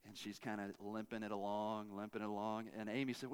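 A middle-aged man, preaching a sermon in a conversational, animated storytelling way and asking the congregation questions. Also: on the low side, fairly quick, smooth. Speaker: pastor.

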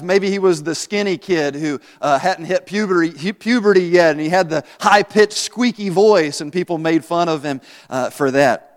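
A male pastor giving a conversational sermon in church, asking the congregation questions and joking at his own expense. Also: on the high side. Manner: conversational, asks the congregation questions, self-deprecating humor. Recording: long reverb in a church hall.

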